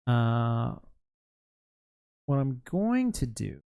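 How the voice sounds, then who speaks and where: A man's voice: mid-range voice, very animated, very slow, mellow, clear, resonant tone, no room sound, studio quality. A tired man streaming live, rambling casually and answering chat as he runs an online Mafia game. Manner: rambling, responds to chat messages.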